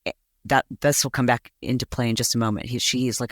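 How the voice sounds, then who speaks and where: A woman hosting a podcast tells a story in a casual, gossipy way, acting out voices when she quotes people. She talks fast in a rumbling low voice, recorded at studio quality with no room sound.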